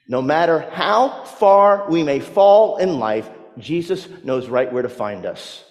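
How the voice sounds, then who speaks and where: A man preaching a sermon, telling stories and swinging from loud to hushed delivery. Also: a little high, animated, slow, hardly any pauses, in a large hall. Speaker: pastor.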